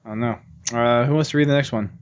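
A man's voice: mid-range voice, quick pace, dull audio. A man hosting a casual podcast, moving the segments along with hesitant, repeated restarts. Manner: rambling, hesitant, repeats himself. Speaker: podcast host. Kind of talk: casual chat.

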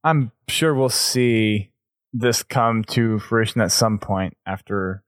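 A man hosting a casual podcast, excitable, laughing often and trailing off mid-sentence. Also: fairly low pitch, takes it slowly, no echo, clean studio sound. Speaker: podcast host.

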